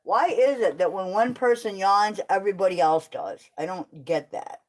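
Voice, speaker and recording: A woman's voice: medium pitch, moderate pace, darkish tone. A woman chatting frankly while doing farm chores, tired and swearing casually. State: tired, with back pain. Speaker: kennel owner doing chores.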